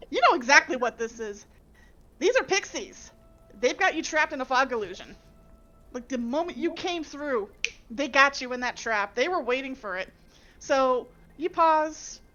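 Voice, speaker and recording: A woman's voice: fairly high pitch, sharp tone, highs cut off. A woman running a tabletop game as game master, narrating the scene vividly and laughing often.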